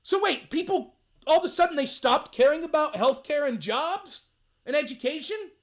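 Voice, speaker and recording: A man hosting a political commentary show, reading out a hearing transcript with sarcastic, mocking remarks and bursts of loud outrage. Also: very high voice, lively intonation, moderate pace. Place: home room lit by window.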